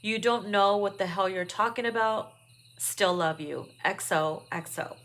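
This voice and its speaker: A woman's voice: mid-range voice, a little slow, a bit bright. A woman doing a casual tarot card reading, blunt and profane, laughing often. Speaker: tarot reader.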